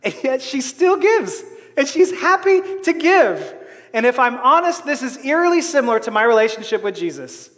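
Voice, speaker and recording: A man's voice: very high-pitched, big pitch swings, moderate pace. A man preaching a sermon, earnestly retelling a storybook before turning it into a lesson. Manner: earnest, storytelling, soft for the tale. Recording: hall reverb.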